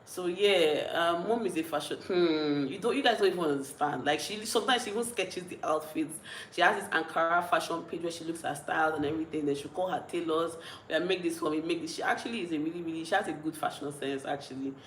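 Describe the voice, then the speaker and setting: A young vlogger from Nigeria talks quickly in a low voice with a Nigerian accent, casually reading livestream comments and rambling, often giggling and restarting. Her mood is mellow and a bit tipsy. It's a rough, reverberant recording with slight background noise.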